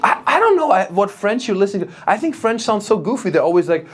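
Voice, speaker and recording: A man with a German accent doing stand-up crowd work, playful and animated, often laughing at his own jokes. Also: high voice, quick pace, few pauses. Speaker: stand-up comedian.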